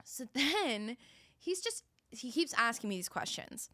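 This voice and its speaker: A young woman from Philadelphia co-hosts a casual podcast and tells a story with lively quoted voices. Her voice sits fairly high. The sound is close and dry, with little room in it. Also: a little slow, no echo. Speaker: podcast co-host. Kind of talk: casual chat.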